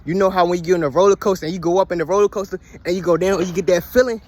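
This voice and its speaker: A man's voice: sits high, fairly even intonation, rapid-fire, a little mellow. A man giving a casual monologue to his followers, talking emphatically and preachily, with lots of swearing and repeated "you hear me". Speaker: vlogger.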